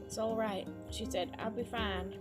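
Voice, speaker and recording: A woman voicing an anxious but determined young girl, speaking in a high, urgent voice over clear background music. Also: steady tone, a little slow, close to an everyday voice. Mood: gentle.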